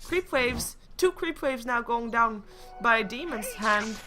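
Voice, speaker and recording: A woman's voice: fairly high pitch, animated, unhurried, bright, forceful tone, soft background music. A young woman doing solo live esports commentary, chatty and joking with her stream chat between play calls. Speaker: esports caster.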